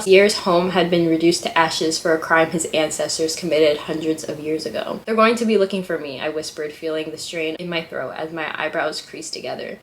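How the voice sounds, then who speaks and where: A woman vlogging casually, reading a story aloud and breaking off into giddy, excitable reactions. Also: fairly low pitch, a little hiss or hum. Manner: reads fiction aloud softly. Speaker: writing vlogger.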